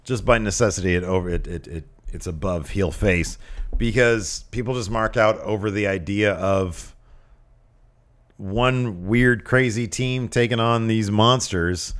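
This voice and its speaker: Excitable young man on a podcast. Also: on the low side, a little slow. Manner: excitable, jokey, slips into silly voices. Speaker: podcast co-host. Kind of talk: casual wrestling review chat.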